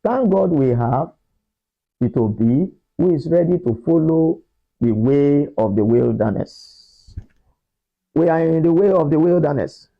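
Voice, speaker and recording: A man's voice: a little high, lively intonation, measured pace, gravelly, narrow, tinny audio. A man preaching a political sermon, emphatic and repeating his phrases for effect.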